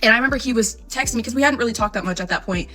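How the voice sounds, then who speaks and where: A woman in her twenties telling a casual storytime, chatty and animated, acting out her own texts. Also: a little high, racing, faint music behind. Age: 20s. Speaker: storytime vlogger.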